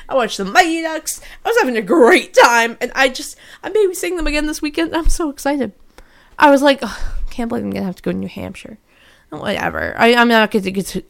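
A young woman co-hosting a casual chat show, telling animated, profanity-laced stories and acting out the people she quotes. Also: sits high. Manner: animated storyteller, swears a lot, acts out quotes. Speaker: podcast co-host.

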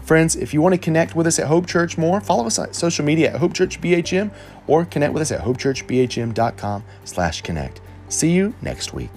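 A man with a Southern Alabama accent, the lead pastor, preaching a conversational sermon with animated, slang-filled examples. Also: on the high side, fairly quick, faint music behind.

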